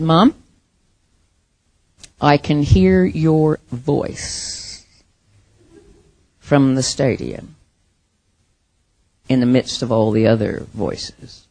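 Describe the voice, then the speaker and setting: A middle-aged woman preaching a sermon, expressive, with soft dramatic pauses. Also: extremely low pitch, no echo.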